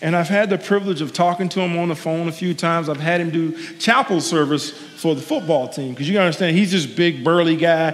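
A man's voice: a little high, a little fast, hardly any pauses, long reverb tail, slight background noise. A man delivering a sermon as a guest preacher, earnest and conversational, repeating his key lines for emphasis with personal asides. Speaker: guest preacher, sports team chaplain.

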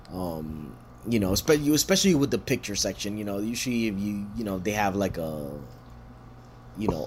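Swearing man telling a laughing story. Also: slight background noise. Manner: animated, swearing, laughs, acts out quotes with high voices. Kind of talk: casual storytelling chat.

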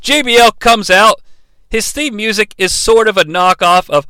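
A man's voice: high voice, normal speed, sharp tone. A man hosting a podcast, reviewing a wrestling match solo in a profane, sarcastic, mock-outraged way. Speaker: podcast host.

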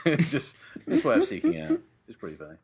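A man co-hosting a casual film podcast, chatty and quick to laugh. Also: on the high side, huge pitch swings, a little hiss or hum. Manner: chatty, laughs often, trails off. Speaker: podcast co-host.

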